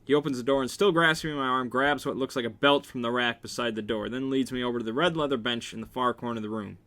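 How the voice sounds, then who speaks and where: Bright-voiced man reading a novel aloud. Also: medium pitch, steady tone, fast. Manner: wry reading with joking asides. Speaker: reader.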